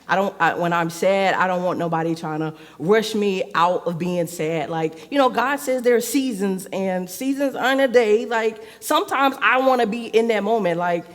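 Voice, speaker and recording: Woman elder, relaxed chatty sermon delivery, laughs easily; long church-hall reverb. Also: medium pitch, moderate pace, few pauses. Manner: chatty, fills speech with "like", laughs often. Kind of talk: conversational sermon. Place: church sanctuary.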